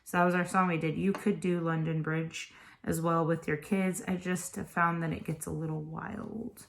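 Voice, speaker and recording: A woman's voice: deep voice, little pitch movement, normal speed, gravelly. A tired woman tutor chatting her way through a lesson, explaining each step to other parents. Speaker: homeschool tutor. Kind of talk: casual instructional video.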